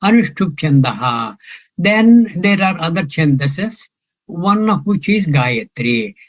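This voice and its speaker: A man's voice: fairly high pitch, very animated, takes it slowly, lo-fi sound. An older man teaching a scripture class, talking in a musing way and quizzing his students. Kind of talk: scripture class, question and answer.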